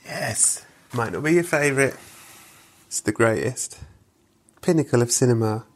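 A man hosting a casual podcast interview, dropping quick, jokey remarks. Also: mid-range voice. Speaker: podcast host.

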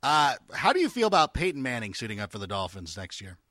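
A man co-hosting a casual sports podcast, chatty with quick asides. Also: mid-range voice, wildly swooping pitch, fairly bright tone, no room sound, studio quality. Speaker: podcast co-host.

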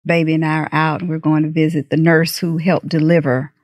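A middle-aged woman candidly recounting a personal story in an interview, animated and acting out the dialogue. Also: sits low, fairly quick, dry recording. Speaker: guest.

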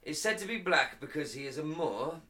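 A man's voice: fairly high pitch, expressive, moderate pace, sharp tone. A man co-hosting a casual podcast, reading notes aloud, laughing often and stumbling over foreign words. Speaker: podcast co-host.

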